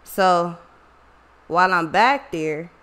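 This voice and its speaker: A woman's voice: on the low side, lively intonation, takes it slowly, fairly bright tone. A woman telling a personal story to her viewers in a casual, emotional, profanity-heavy way. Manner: profane, emotional, slangy, talks to viewers directly. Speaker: online reader and vlogger.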